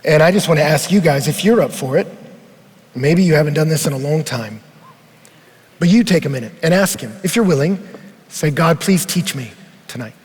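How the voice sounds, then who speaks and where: A man preaching at a conference, telling a story in an animated way and sometimes rising to a shout. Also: fairly high pitch, moderate pace, long pauses. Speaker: pastor. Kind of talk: conference sermon. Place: large arena. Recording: long arena reverb.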